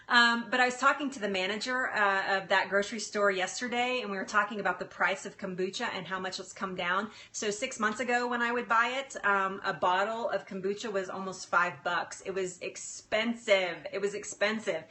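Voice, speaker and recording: A woman's voice: mid-range voice, pushed and bright. A woman health coach chatting on a live stream from her home kitchen on a phone, laughing often and easily moved as she answers viewers.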